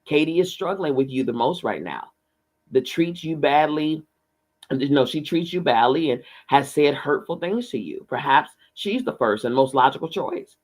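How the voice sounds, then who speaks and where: A man reading aloud, voicing a calm, wise female spirit guide who questions gently and patiently. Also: fairly high pitch, normal speed, rough recording. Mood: probing. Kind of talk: audiobook reading.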